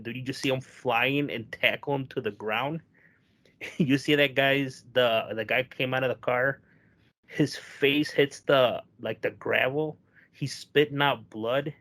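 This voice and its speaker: A man's voice: mid-range voice, fairly bright tone. Profane, rambling young man telling stories. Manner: rambling storyteller, profane, acts out quotes. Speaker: podcast co-host. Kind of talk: casual chat.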